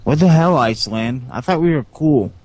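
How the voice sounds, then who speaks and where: A man's voice: mid-range voice, animated, moderate pace, a little mellow, slightly rough. A man co-hosting a game stream, bantering casually in a laid-back, joking way.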